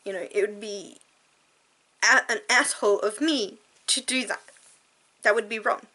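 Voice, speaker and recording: A tearful woman talking frankly and earnestly to camera in a personal vlog, halting and sighing. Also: mid-range voice, bright, forceful tone. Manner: earnest and heartfelt, halting with sighs. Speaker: vlogger.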